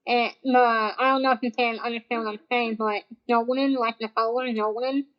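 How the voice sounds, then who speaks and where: A woman's voice: on the high side, a little fast. A deaf woman guest, speaking with a deaf accent, chatting casually and acting out what people say to her. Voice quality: deaf speech, uses hearing aid. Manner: animated, laughs often, acts out quotes. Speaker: guest streamer. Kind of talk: casual chat. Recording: dull lo-fi sound.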